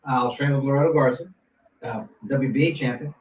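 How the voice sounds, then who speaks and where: A former boxer in his fifties tells a long, casual story at a quick pace in a medium-pitched voice. The anecdote is rambling and animated, full of restarts and asides, captured on a roomy, distant mic with faint noise.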